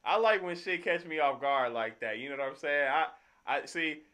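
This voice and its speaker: A man's voice: a little high, normal speed, sharp tone. A tired young man just off work, hosting a music reaction video in slangy, profanity-laced casual talk. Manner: slangy, swears freely, hypes the music up. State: tired after work, yawning.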